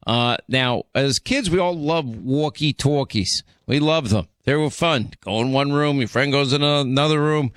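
A man's voice: medium pitch, fairly bright tone, no echo, clean studio sound. A man hosting a talk radio show, bantering and teasing his co-host before moving into a scripted read. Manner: playful, teasing, quick back-and-forth.

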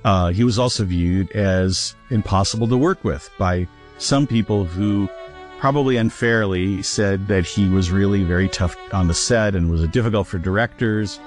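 A male author speaking as a guest, measured and explanatory, in a very deep voice. Faint music sits under him. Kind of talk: interview storytelling.

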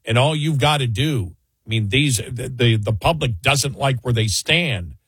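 Exasperated husky man ranting. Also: mid-range voice, expressive, a little slow, a bit bright, no room sound. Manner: exasperated, ranting, repeats words for emphasis. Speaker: political talk show co-host. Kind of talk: heated political commentary.

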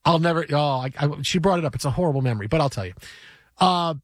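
A man hosting a sports radio show, who tells a story in an animated, rambling way and chats casually about baseball. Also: fairly high pitch, quick pace, no echo, clean studio sound.

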